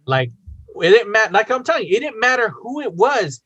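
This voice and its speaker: A man in casual podcast chat, telling a long story with animated acted-out quotes and frequent swearing. His voice sits a little high for a man. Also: fairly quick, breathy edge. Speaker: podcast host.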